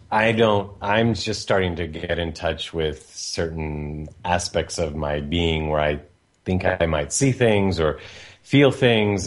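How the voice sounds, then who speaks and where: A man hosting a radio talk show, telling a family story in a lively, chatty way. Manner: animated, pitch jumps when quoting others.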